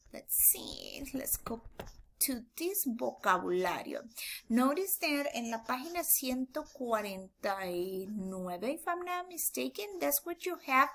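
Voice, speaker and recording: A woman teaching a Spanish class, her voice a little high and very bright. She runs repetition drills and moves back and forth between English and Spanish, with a dog barking now and then behind her. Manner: drills phrases for students to repeat. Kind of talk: recorded classroom lesson.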